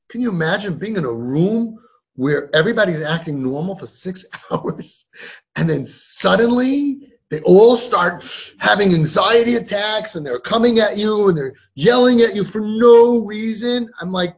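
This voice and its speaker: A man's voice: high-pitched, animated, normal speed, slightly rough, highs cut off. A man hosting a parenting podcast, telling a story with drama and acting out the quoted voices. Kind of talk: animated storytelling to an audience.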